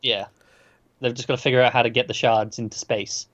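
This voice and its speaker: A man's voice: mid-range voice, level tone, a little fast, fairly bright tone, no room sound, dull audio. A man co-hosting a podcast, making wry, dry remarks in casual chat, with some stammering. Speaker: podcast co-host. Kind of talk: casual episode recap chat.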